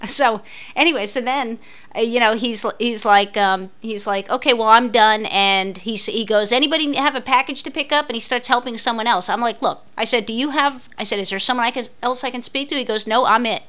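A woman's voice: on the high side, a little fast, bright, forceful tone. A woman casually retelling a frustrating errand to her co-host, acting out both sides of the argument. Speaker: co-host telling a story. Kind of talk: casual storytelling chat.

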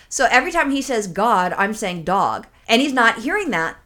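A woman's voice: fairly high pitch, normal speed. A woman co-hosting a casual podcast, telling a story with lots of energy, swearing freely and acting out the people in it. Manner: animated storyteller, swears freely, mimics callers. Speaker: podcast co-host.

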